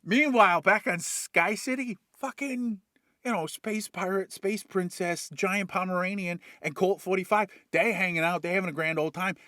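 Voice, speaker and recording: A man retelling a movie plot as comedy, animated and full of swearing, jumping in and out of voices. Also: high-pitched, moderate pace, dry recording, studio quality. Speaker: comedic storyteller.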